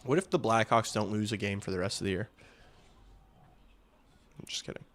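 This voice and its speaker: A man hosting a hockey livestream, calling the game in casual play-by-play and getting loud and excited on big chances, with some swearing. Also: fairly low pitch, moderate pace. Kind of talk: casual live play-by-play commentary.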